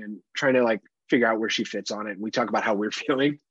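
A man's voice: mid-range voice, rapid-fire, a bit bright, slightly rough, no echo, highs cut off. A man in his thirties co-hosting a podcast in casual chat, profane and rambling, often laughing. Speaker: podcast co-host.

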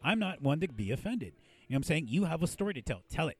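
Gravelly-voiced man telling crude stories. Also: a little high, sing-song, quick pace, a little mellow. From Mexican-American from San Diego. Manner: profane, storytelling, laughs often. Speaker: podcast host and puppeteer. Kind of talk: casual podcast chat. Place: podcast studio.

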